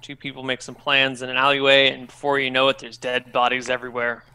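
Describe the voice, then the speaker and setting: A man's voice: medium pitch, completely flat delivery, fast, sharp tone, clean tone. A man narrating as game master in a tabletop role-playing game, with a casual, drawling manner.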